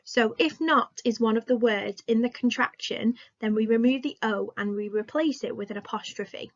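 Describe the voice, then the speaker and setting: An English woman teaching a recorded remote lesson to young children, speaking slowly, clearly and encouragingly. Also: fairly high pitch, lo-fi sound. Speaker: primary school teacher.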